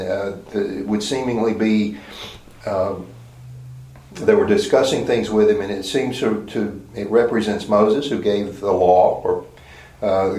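A man's voice: lowish voice, a little mellow. A man preaching a Bible lesson in a conversational way, asking rhetorical questions and often restarting his sentences. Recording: roomy echoey hall.

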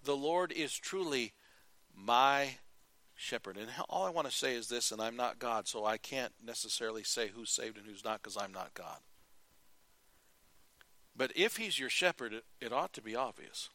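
A man preaching a sermon in an earnest style, rising to emphatic calls and dropping quiet. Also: mid-range voice, animated, moderate pace, no room sound. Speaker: pastor.

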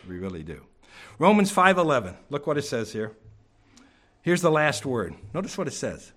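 A male preacher delivers a sermon in a church, his voice pitched a little higher than most men's. He works the room with rhetorical questions. He swings between loud, pressing lines and sudden quiet ones. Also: sing-song, normal speed.

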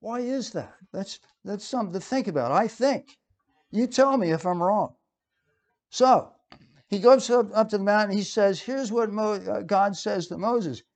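A man's voice: high-pitched, a little slow. A man preaching a sermon in a conversational way, with frequent fillers and restarts.

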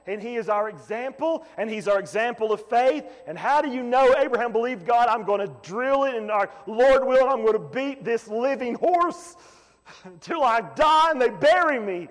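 A male pastor preaching a sermon, repeating phrases and building to shouts. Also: very high voice, expressive, moderate pace, long reverb tail.

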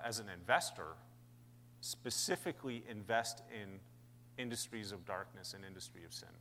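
A man preaching a sermon as pastor, conversational, asking questions and building to animated peaks. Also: medium pitch, big-room sound.

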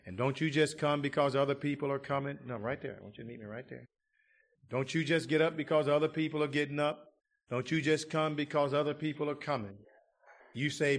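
A man preaching an evangelistic sermon and leading an altar call, swinging from fervent shouts to hushed, pleading appeals. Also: on the high side, fairly quick.

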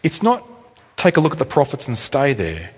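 A male pastor preaching a sermon in a church, telling stories in a chatty, animated way with offhand asides. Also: mid-range voice, moderate pace, husky. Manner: animated storytelling, conversational asides. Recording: echoey hall reverb.

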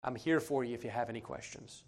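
A preacher softly playing a gentle caring woman. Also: medium pitch, fast, pitched below the performer's own voice, natural voice. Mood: tender. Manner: soft, hushed, reassuring.

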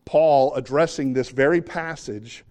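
A man's voice: mid-range voice, unhurried, darkish tone. Earnest middle-aged guy preaching, leans hard on key words, keeps asking the crowd stuff. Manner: earnest, emphatic, asks the congregation questions. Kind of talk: sermon with scripture reading.

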